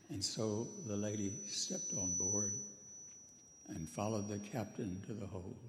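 A man tells a moral tale as part of a sermon, slow and solemn, with dramatic pauses between phrases. His voice carries through a large echoing hall with a long reverb tail. A faint low rumble sits underneath. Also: fairly even intonation. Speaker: storyteller, preacher. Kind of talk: storytelling sermon.

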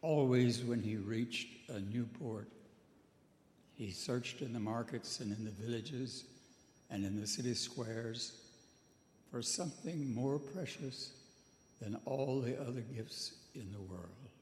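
Slow, solemn man telling a tale in a hall. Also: a little mellow. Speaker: storyteller, preacher. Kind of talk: storytelling sermon. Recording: echoey hall with faint rumble.

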